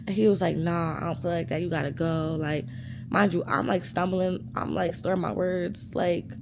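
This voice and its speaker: A woman in her twenties vlogging, animated and profane as she retells an argument and acts out the quoted dialogue in a casual storytime chat. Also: fairly low pitch, moderate pace, gravelly, background noise. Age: 20s.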